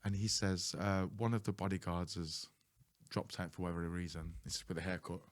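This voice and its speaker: A man's voice: deep voice, level tone, fairly quick. A man hosting a podcast, telling a story in a chatty way, laughing and swearing casually. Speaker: podcast host.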